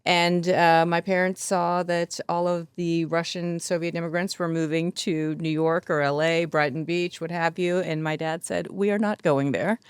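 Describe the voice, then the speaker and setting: A woman's voice: on the low side, fairly even intonation, moderate pace, hardly any pauses, clean tone, no echo. A woman from Texas, a news anchor, telling her story in an interview, composed and articulate. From USA (Texas). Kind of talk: interview conversation.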